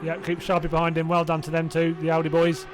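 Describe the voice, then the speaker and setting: Music plays behind a quick, completely flat voice on the high side. The speaker is a man from Hertfordshire, England, with a southern English accent, commentating a sim race live and rambling chattily with viewers between calls, with self-doubting asides and laughter to himself.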